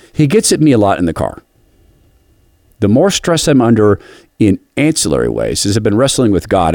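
A man's voice: deep voice, darkish tone, no room sound, clean studio sound. A middle-aged man hosting a devotional radio talk, telling a personal story in an earnest, confessional way. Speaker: radio host.

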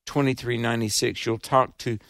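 A man's voice: medium pitch, fairly even intonation, brisk, a bit bright, no echo, clean studio sound. A man with a Southern accent, hosting a radio ministry fundraiser in an earnest, emphatic, preacherly way.

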